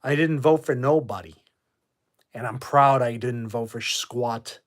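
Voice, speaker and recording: A man hosting a casual live stream from his room at home, reading out chat names and firing back short verdicts. He talks bluntly and swears freely, brushing people off with a laugh. His voice sits at an ordinary middle pitch. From Boston. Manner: blunt, profane, quick to dismiss with a laugh. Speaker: livestream host reading chat.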